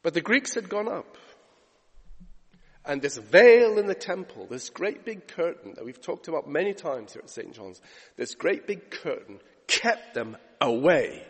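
A male pastor with a high, slightly husky voice delivers a sermon. He retells scripture stories in a chatty way and builds to emphatic, driving preaching. The sound carries a long reverb from a church hall. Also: very animated, unhurried. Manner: storytelling, rising to emphatic preaching.

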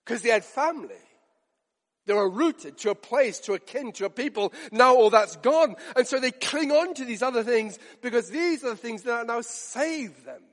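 A man with a high voice delivers a sermon, earnest and steadily building to pointed rhetorical questions. His words ring out with a long reverb trailing behind them, as in a large hall. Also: expressive, normal speed. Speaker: preacher.

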